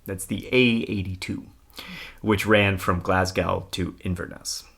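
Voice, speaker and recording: A man's voice: sits low, flat delivery, unhurried, gravelly, a bit bright, breathy edge. A man co-hosting a podcast, telling a history story in casual chat, laughing often and reading old newspaper text aloud. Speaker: podcast co-host.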